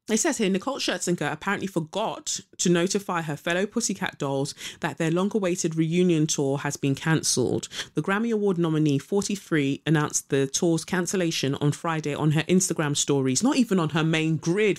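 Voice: medium pitch, lively intonation, normal speed. A young adult podcast host who chats casually, reads news items aloud and gives sarcastic, opinionated takes full of fillers.

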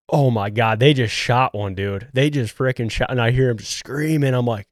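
A man's voice: mid-range voice, normal speed, hardly any pauses, dry recording, studio quality. A man hosting a podcast, casually and animatedly telling a hunting story with a lot of "dude.". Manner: animated, acts out quotes, says "dude" often. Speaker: podcast host.

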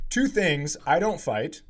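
Middle-aged male comic, slightly high voice, rambling animated anecdote. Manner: animated, swearing, acts out heated quotes in a shrill voice. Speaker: comedian podcast co-host. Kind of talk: casual storytelling chat.

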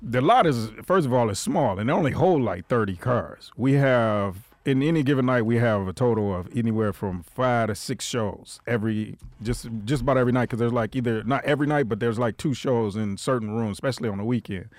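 A man casually telling a story about his old parking job, animated and laughing, swearing freely and acting out what people said. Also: medium pitch, a little fast, hardly any pauses, no echo. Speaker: former parking lot attendant telling a story.

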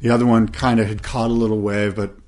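A man's voice: on the low side, fast. A man co-hosting a podcast, chatting casually and telling rambling stories, acting out the people he quotes. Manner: rambling storyteller, animated quoting. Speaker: podcast co-host. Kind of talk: casual chat.

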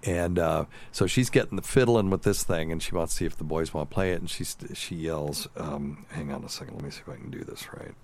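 Guy hosting a radio show, deep voice, tells stories and cracks himself up. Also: brisk, hardly any pauses. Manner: animated storyteller, laughs at his own stories. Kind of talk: casual storytelling chat.

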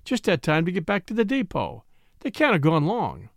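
A man's voice: high-pitched, wildly swooping pitch, normal speed, vocal fry, no room sound, clean studio sound, heavily acted. A man voicing a blunt, folksy cab driver. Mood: matter-of-fact. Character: plain-spoken cab driver, curious.

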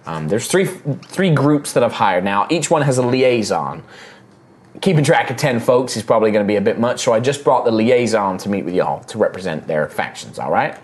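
A man running a tabletop game as game master, narrating lively and sometimes slipping into a Southern drawl. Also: lowish voice, moderate pace. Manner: lively, voices characters, slips into a Southern drawl.

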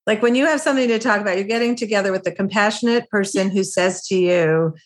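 A woman's voice: mid-range voice, quick pace. A woman co-hosting a parenting podcast, sharing her experience as a mother in a reflective, conversational way. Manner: reflective, conversational, many fillers like "like" and "I mean". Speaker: podcast co-host. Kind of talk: casual chat.

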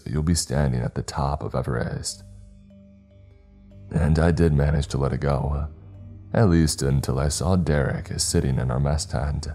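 A man narrating a first-person scripted horror story in a steady storytelling manner. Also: a bass voice. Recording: faint music underneath.

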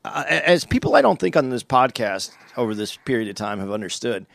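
A man co-hosting a podcast, talking in a measured way and weighing both sides of the argument. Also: medium pitch, very animated, vocal fry, fairly bright tone, dry recording. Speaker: podcast co-host. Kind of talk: podcast discussion.

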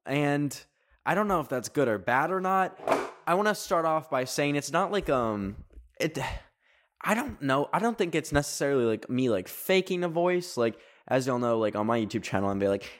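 A young man from Canada hosting a podcast, talking casually in a rambling, animated way, full of fillers. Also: fairly low pitch. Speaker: podcast host.

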